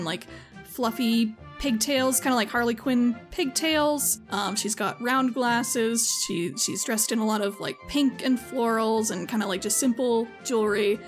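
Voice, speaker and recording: A woman narrating a tabletop game as game master, chatty and laughing often. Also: a little high.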